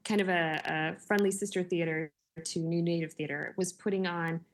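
In a laid-back conversation, a woman in her forties recounts stories, laughing frequently and filling pauses with filler words. She speaks at a moderate pace in a fairly low, steady voice.

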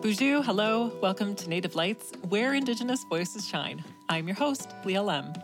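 A woman's voice: mid-range voice, expressive, moderate pace, over music. A woman co-hosting a radio talk show, chatting in a playful, casual way. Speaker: podcast co-host.

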